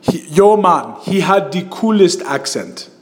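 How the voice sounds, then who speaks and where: A man's voice: sits high, lively intonation, measured pace. A man hosting a podcast, telling stories in a loose, rambling way with lots of fillers, restarts and laughter. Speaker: podcast host. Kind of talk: casual chat.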